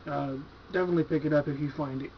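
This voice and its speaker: Casual, profane man, higher-pitched voice. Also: steady tone, fast, creaky, slight background noise. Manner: laid-back, profane, enthusiastic, filler-heavy. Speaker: horror movie collector reviewing his purchases. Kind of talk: casual video review. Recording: dull lo-fi home video recording.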